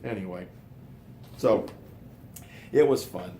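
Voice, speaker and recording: A man's voice: deep voice, slow pace, dark tone, slight background noise. An older man telling personal stories in a casual, rambling way, often repeating words and going off on asides. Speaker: storyteller.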